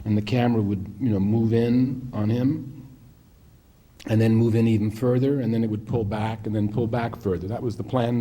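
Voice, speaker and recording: A man's voice: fairly low pitch, warm tone. A man, a film director, telling rambling anecdotes to an audience and acting out the people he quotes.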